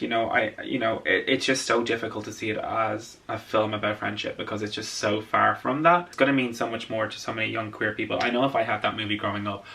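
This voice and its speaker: A man's voice: on the low side, gravelly, bright, forceful tone, far from the mic. A man vlogger chatting casually about a film while doing his makeup, gushing and playful. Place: indoors at home, doing makeup on camera.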